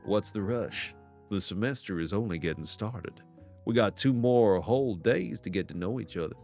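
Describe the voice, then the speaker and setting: A man voicing a smooth, self-assured Southern gentleman chef in a video game dating sim, with a put-on Southern American drawl and slow, low delivery. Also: soft background music. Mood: teasing.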